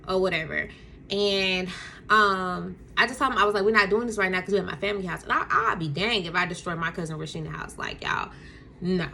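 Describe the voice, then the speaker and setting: A woman's voice: on the low side, brisk, gravelly, a little hiss or hum. A young woman casually telling a storytime to her camera at home, acting out quotes and laughing often. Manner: animated, acts out quotes, laughs often, addresses viewers as y'all. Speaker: storytime vlogger. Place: home room with a Christmas tree.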